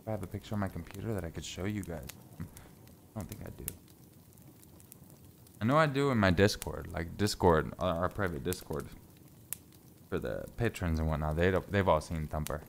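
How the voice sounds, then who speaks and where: A man's voice: low voice, normal speed, gravelly, long pauses, slight background noise. A man chatting casually on a live stream from a home closet, laid-back and joking, swearing freely, a little stuffy from sinus trouble.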